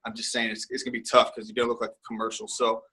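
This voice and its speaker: A man's voice: mid-range voice, monotone, racing, sharp tone, slightly rough. A man speaking as a guest in a casual interview, rambling and candid, with lots of fillers and restarts.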